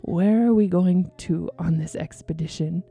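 Pooh, a woman doing a simple gentle bear. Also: on the low side, a little slow, vocal fry. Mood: eager. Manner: humming, singsong, simple and earnest. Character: gentle, slow-witted male teddy bear, cheerful.

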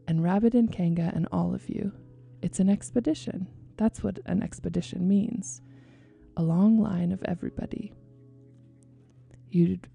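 A woman's voice: lowish voice, vocal fry, warm tone, slightly rough, full character voice. Christopher Robin, a woman doing a breezy bossy boy. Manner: breezy, know-it-all. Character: confident young boy, a bit bossy.

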